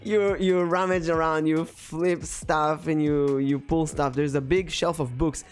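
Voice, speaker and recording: A jokey game master narrates a tabletop game with animated energy. He is a man running the session for his players. A faint tune plays behind him. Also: fairly high pitch, measured pace, smooth, soft background music. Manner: animated, jokey, laughs often.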